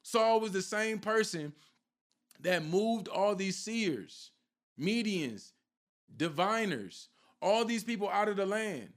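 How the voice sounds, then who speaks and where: A man's voice: high voice, expressive, slow pace. A man preaching an informal sermon with fervour, firing rhetorical questions at his listeners and repeating a question for emphasis.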